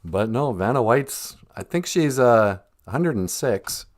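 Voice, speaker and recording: Male podcast host, animated delivery, loose and jokey monologue. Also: medium pitch, measured pace. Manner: rambling, laughs often, jokey. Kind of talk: casual comedic monologue.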